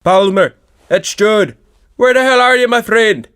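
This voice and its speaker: A man voicing a hearty Scottish godfather who calls out loudly and jovially, in a Scottish accent. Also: high voice, a little slow, smooth, pitched above the performer's own voice. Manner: loud, hollering, jovial.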